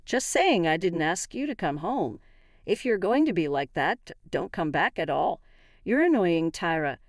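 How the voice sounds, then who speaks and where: A woman's voice: lowish voice, big pitch swings, measured pace, no room sound, clean studio sound. A woman reading a cold sarcastic husband. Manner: cold and dismissive. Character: curt sarcastic husband, grown man.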